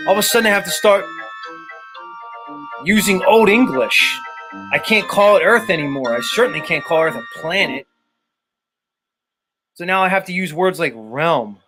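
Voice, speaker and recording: Man, livestream host, sarcastic rant, swears a lot, fairly high voice, music behind. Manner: sarcastic, swearing, mock-exasperated. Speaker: show host.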